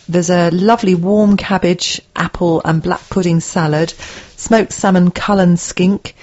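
A woman's voice: fairly low pitch, darkish tone, highs cut off. A woman co-hosting a local radio show, reading out event listings with a playful, teasing, giggly manner. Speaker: radio co-host. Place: radio studio.

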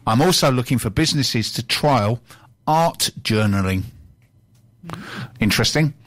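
A man hosts a radio show from the studio, chatting loosely and reading out shout-outs. He trips over his words now and then and laughs easily at himself, speaking into a studio microphone. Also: mid-range voice, expressive, measured pace. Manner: chatty, self-mocking, stumbles and laughs easily.

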